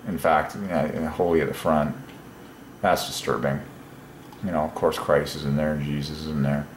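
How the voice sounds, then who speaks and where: A man presenting word-number puzzles on his own, thinking aloud with growing excitement and chuckling between points. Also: extremely low pitch, normal speed, roomy sound, slight background noise.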